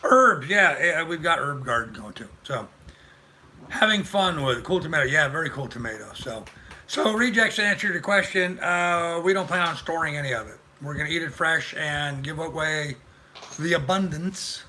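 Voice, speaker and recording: Bright-voiced older man chatting on a live stream. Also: on the high side, animated, normal speed, a little hiss or hum. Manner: rambling, chatty, greets viewers. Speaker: livestream host. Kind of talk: casual live-stream chat.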